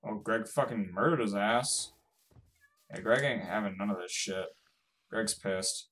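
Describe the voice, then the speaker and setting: A young man giving casual, swearing let's-play commentary, swinging from mumbling to frantic yelling. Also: fairly low pitch, measured pace, a little hiss or hum. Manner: swears a lot. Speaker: gaming YouTuber.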